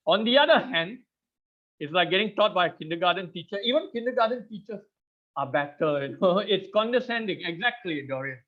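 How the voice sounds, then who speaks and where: A man in his thirties, a public speaking trainer, giving an animated online class, laughing often and quizzing the audience over a video call. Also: high voice, fairly quick, phone-quality sound. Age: 30s.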